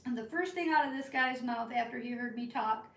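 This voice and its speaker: A woman telling a rambling story to her live chat from the northern United States, in an animated, chatty way. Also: a little high, fairly quick. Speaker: live-stream crafting host. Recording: roomy, from a distance.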